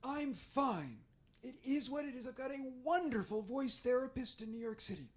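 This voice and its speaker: A man with a hoarse, damaged voice speaks at a bookstore author event as a theatrical, self-deprecating storyteller. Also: extremely high pitch, animated, normal speed. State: hoarse, damaged voice after covid.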